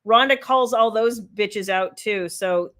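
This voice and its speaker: A woman's voice: medium pitch, takes it slowly, a bit bright. A woman author hosting a casual live stream, chatting and teasing as she reads viewer comments aloud.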